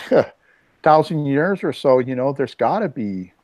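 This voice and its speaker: A man in his sixties hosting a casual video chat, telling rambling stories with lively asides. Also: mid-range voice, takes it slowly, dry recording. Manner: rambling storyteller, animated asides. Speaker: host. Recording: dull lo-fi dry sound.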